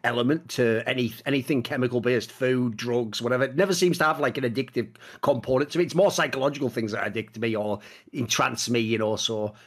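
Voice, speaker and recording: A man's voice: medium pitch, fast talker. A man who is a regular guest on a talk show, talking bluntly and candidly in casual chat.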